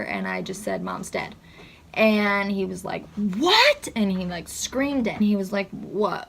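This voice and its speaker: A young woman vlogger telling a personal story in a soft, halting, emotional way. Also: medium pitch, vocal fry.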